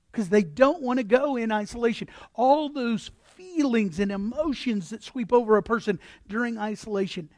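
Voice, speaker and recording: A man preaching a sermon as pastor, animated, acting out voices and repeating words as he builds his points. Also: very high voice, moderate pace, dry recording, studio quality.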